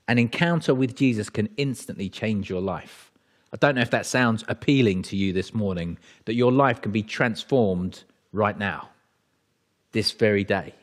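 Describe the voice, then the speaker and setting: A man's voice: medium pitch, moderate pace. A man preaching a sermon in a conversational way, often restarting his sentences.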